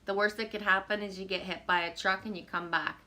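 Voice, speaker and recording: A woman on a live stream at home, reading viewer comments aloud and answering them in a relaxed, rambling way with frequent fillers and soft laughs. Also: mid-range voice, brisk. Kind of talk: casual live-stream chat.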